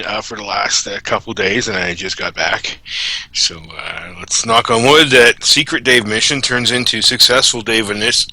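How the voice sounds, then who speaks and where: A relaxed man co-hosts a game development stream and chats easily, tossing in "man" often. His voice is very bright and forward. The sound is dry and close, with no room echo. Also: medium pitch. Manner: laid-back, calls people "man". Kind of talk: casual livestream chat.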